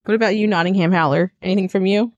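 A woman's voice: mid-range voice, steady tone, quick pace, darkish tone, dry recording, dull audio. A woman co-hosting a casual podcast, playful and giggly, rambling through jokes. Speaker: podcast co-host. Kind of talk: casual chat.

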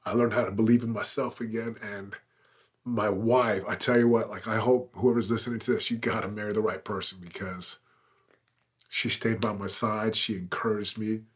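In a conversational interview, a man in his forties recounts his story with earnest emphasis that grows more intense. His voice is lowish and slightly rough, with fairly even intonation at a normal speed.

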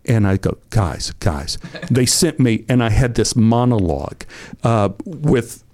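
Older man telling lively anecdotes. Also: mid-range voice, unhurried. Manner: animated, acts out quoted voices. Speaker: actor guest. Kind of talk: anecdotal storytelling.

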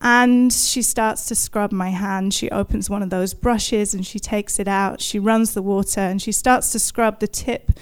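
A woman's voice: mid-range voice, fairly even intonation, measured pace, few pauses, clean tone. A woman in her thirties telling a personal story in the present tense, vivid and self-deprecating, with bursts of laughter. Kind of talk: first-person storytelling to an audience.

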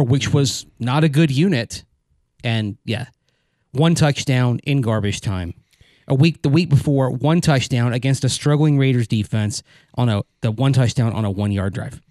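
A man co-hosting sports talk radio, calmly pushing back and giving the other side. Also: mid-range voice, dry recording. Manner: measured, plays devil's advocate.

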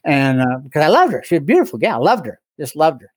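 A man's voice: on the high side, sing-song, quick pace, breathy edge, dry recording. A middle-aged man telling his own story casually, with wry, self-mocking humor and frequent chuckles. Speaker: guest speaker in recovery.

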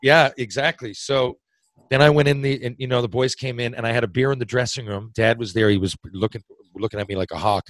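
A man's voice: mid-range voice, steady tone, fast, no echo, poor audio. A man from Newfoundland with a Newfoundland accent, a podcast guest telling a long hockey story, rambling and restarting his sentences and swearing casually. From Newfoundland, Canada. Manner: rambling, self-interrupting storyteller who swears and laughs easily.

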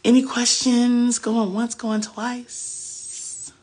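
A woman's voice: on the high side, little pitch movement, very slow, a little mellow, a little hiss or hum. A woman hosting a faith podcast, giving casual Bible teaching on a phone livestream in a chatty, preachy way with loose slang.

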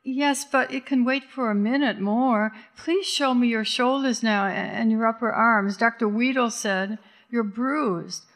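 A woman voicing a frightened mother who pleads and stammers with her daughter. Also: on the high side. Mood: coaxing. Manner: anxious and halting, stammering.

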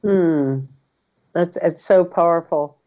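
Slow-talking low-voiced woman host. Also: dark tone, highs cut off. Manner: unhurried, thoughtful questioning. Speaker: podcast host. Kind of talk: conversational interview.

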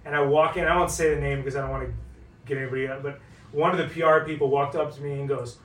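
A man from northeast Ohio co-hosting a podcast, telling stories in a lively way and swearing freely. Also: a little high, fast talker, slight background noise. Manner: animated storyteller, swears freely. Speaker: podcast co-host. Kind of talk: casual podcast chat. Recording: roomy, distant mic.

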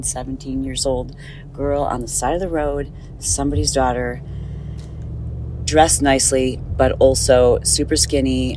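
A woman podcast host chatting casually in a car, rambling and animated, with a slight lisp from recent dental work. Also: extremely low pitch, a little hiss or hum, rough recording. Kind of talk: casual chat, recorded on the go.

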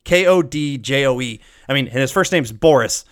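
A man's voice: medium pitch, animated. Man co-hosting a podcast, mid-range voice, eager and profane in casual chat. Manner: enthusiastic, swears freely, quick asides. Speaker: podcast co-host. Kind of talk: casual movie-recasting chat.

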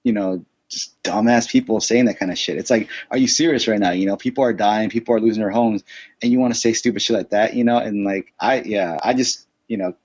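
Young man, low voice, casual and rambling with lots of fillers, blunt and profane; dull, dry lo-fi recording. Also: fairly quick, darkish tone, breathy edge, no room sound. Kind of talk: casual conversation.

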